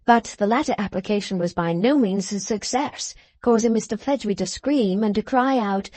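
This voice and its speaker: A woman narrating a classic novel as an audiobook, reading in an even storytelling manner. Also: mid-range voice, normal speed, few pauses, dry recording. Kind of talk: scripted narration.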